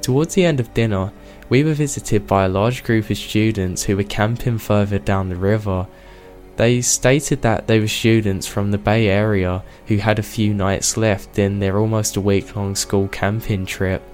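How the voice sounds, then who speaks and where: A man narrating a submitted true scary encounter in a steady, measured storytelling manner. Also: fairly low pitch. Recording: faint music bed.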